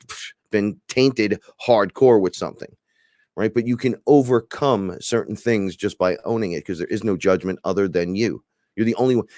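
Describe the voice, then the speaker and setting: A man hosting a casual spiritual podcast chat, animated and profane, acting out imagined back-and-forth dialogue. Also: lowish voice, dry recording, clean studio sound. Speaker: podcast host.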